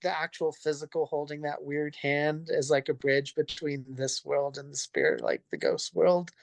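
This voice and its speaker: Higher, gravelly male guest, hesitant, dry sound. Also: animated, moderate pace. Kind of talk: casual chat.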